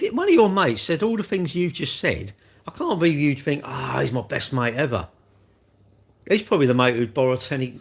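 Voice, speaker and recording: A man's voice: medium pitch, a bit bright. Blunt, rambling man on a livestream. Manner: chatty, blunt, rambling with frequent restarts and tag questions. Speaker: livestream host. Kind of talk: casual live-stream chat reading viewer comments.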